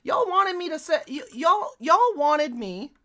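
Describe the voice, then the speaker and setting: Excitable female streamer, bright high voice, chatty and profane. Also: a little slow. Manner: excitable and talkative, swears freely. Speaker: live streamer reacting to a video. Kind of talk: casual stream reaction.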